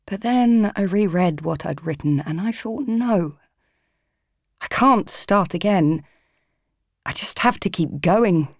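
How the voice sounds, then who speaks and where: A woman's voice: mid-range voice, expressive, takes it slowly, pauses often, no echo, studio quality. A young woman narrating a first-person audiobook, earnest and pleading, emotionally raw.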